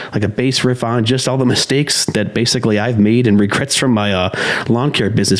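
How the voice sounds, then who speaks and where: Male podcast co-host, lower-pitched, chatty and tangent-prone; drifts off topic and laughs through his own lines. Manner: rambling, goes off on tangents, laughs mid-sentence. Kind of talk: casual podcast chat.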